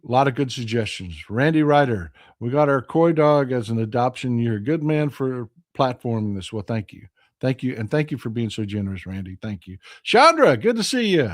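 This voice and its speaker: A man's voice: medium pitch, a little fast, a little mellow, dry recording, studio quality. A man hosting a live stream, chatting in a folksy, rambling way as he reads viewer comments. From Texas. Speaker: host of a live call-in stream. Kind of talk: casual chat reading viewer comments.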